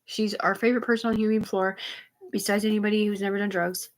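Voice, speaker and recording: A woman's voice: medium pitch, flat delivery. A woman livestreaming a rambling, profane monologue, jumping between thoughts in an agitated way. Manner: rambling, profane, rapid digressions; agitated, repeatedly says "dude". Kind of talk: rambling live-stream monologue.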